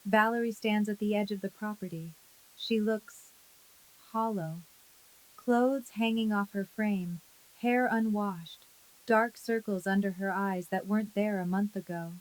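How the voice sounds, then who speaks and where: A woman reading a scripted first-person story in a calm, measured way. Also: medium pitch, poor audio. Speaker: narrator.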